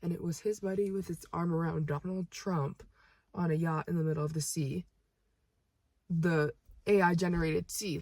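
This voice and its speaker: Brief: young woman, lowish pitch, husky, casual storytime chat, close dry sound. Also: steady tone, normal speed, darkish tone, dry recording. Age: young adult. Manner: chatty, goes off on exasperated ranting asides. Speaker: vlogger telling a story.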